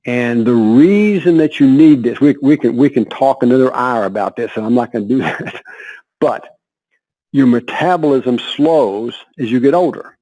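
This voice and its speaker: A man in his seventies, an interview guest telling lively anecdotes with frequent laughs and repeated words. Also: mid-range voice, moderate pace, poor audio. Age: 70s. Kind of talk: conversational storytelling.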